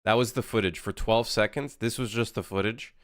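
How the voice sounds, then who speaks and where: A man's voice: lowish voice, steady tone, fairly quick, no room sound, clean studio sound. A young man chatting casually on a game development live stream, rambling and correcting himself as he reads chat.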